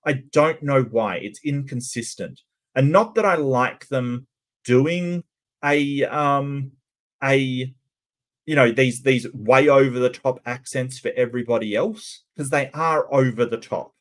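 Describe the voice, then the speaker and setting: A man talking through a cartoon with his viewers in a loose, conversational way. He repeats words as he gathers his thoughts, and his voice sits at an ordinary middle pitch. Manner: halting, many repeated starts. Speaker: commentator reacting to a cartoon and to chat. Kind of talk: casual reaction commentary.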